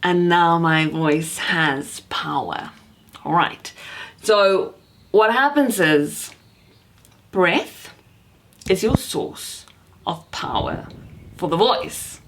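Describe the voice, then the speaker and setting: Woman voice coach, kinda low voice, emphatic and encouraging, teaching to camera. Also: very slow, long pauses. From South Africa. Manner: emphatic, encouraging, demonstrates shouting. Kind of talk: vocal coaching lesson to camera.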